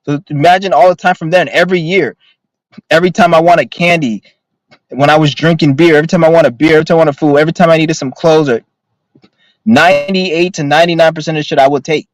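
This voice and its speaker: A young vlogger rambles to the camera from his car, telling stories with plenty of profanity and a blunt, agitated edge. He talks fast in a slightly high voice with fairly even intonation, on a dry, rough recording.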